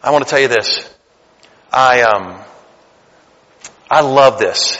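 A man's voice: medium pitch, slow, bright, forceful tone, long reverb tail, dull audio. A man in his late forties preaching a sermon, talking to the congregation in a conversational way and building to emphatic bursts. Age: 40s. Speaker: pastor. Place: church sanctuary.

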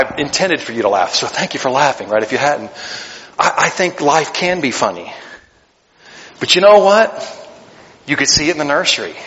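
High-voiced preacher man in echoing hall. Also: highs cut off. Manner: animated, joking, acts out little voices. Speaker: pastor. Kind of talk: sermon. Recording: long hall reverb.

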